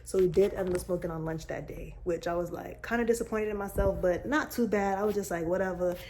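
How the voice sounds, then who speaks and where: A woman's voice: fairly low pitch, fairly quick, a little mellow, slight background noise. A young woman vlogger chatting candidly to her viewers, telling a personal story in a casual, direct way.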